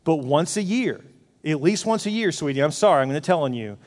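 Middle-aged male pastor, lively sermon delivery, higher-pitched, in a reverberant church hall. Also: a little fast. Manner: animated, acts out his own inner voice.

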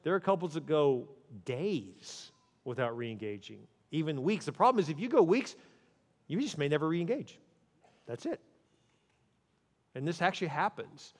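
A male pastor giving a conversational sermon on marriage. Now and then he goes quiet and soft to act out what a spouse might say. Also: a little high, big pitch swings, moderate pace, pauses often, in a large hall.

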